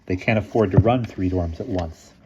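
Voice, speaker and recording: A man's voice: low-pitched, normal speed, dull audio, noisy background, natural voice. A man voicing a nervous teenage schoolboy who brings bad news hesitantly.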